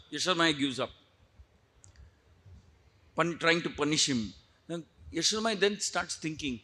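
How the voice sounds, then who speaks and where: A man, a preacher giving an animated devotional storytelling lecture. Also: fairly high pitch, normal speed, long pauses.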